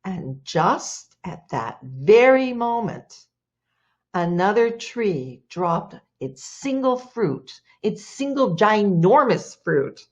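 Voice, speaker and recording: Woman telling a folk story real slow, voice swoops up and down, kinda dull lo-fi sound. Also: medium pitch, darkish tone. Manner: slow, dramatic pauses. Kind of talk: folktale storytelling.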